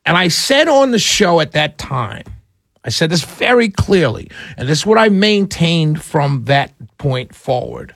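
This is a male radio host with a high-pitched voice, talking straight at his audience. He hammers his points with repetition and a lecturing tone. The sound is close and dry, with no room echo. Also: big pitch swings, moderate pace, creaky, fairly bright tone. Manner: emphatic, repetitive, lecturing listeners. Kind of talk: political commentary monologue.

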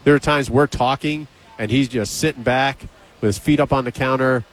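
A male radio host in casual on-air banter, spinning a backstage yarn. He slips into a higher voice for the people he quotes, with a mid-pitched, ordinary tone. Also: normal speed, rough recording. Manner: animated storyteller, acts out quotes with raised pitch.

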